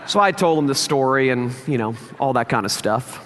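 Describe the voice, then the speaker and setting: A man preaching a sermon as pastor, telling a personal story in an animated way and acting out the lines of the people in it. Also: mid-range voice, moderate pace, in a large hall, a little hiss or hum.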